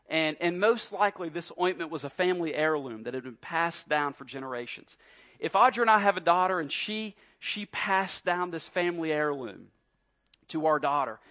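A man's voice: on the high side, a bit bright, highs cut off. A man preaching a sermon, emphatic and full of rhetorical questions, often repeating his words. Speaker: pastor.

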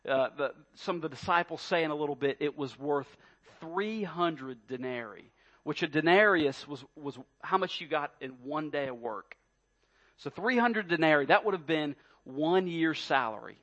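A man's voice: on the high side, a bit bright, lo-fi sound. A man preaching a sermon, emphatic and full of rhetorical questions, often repeating his words. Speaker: pastor.

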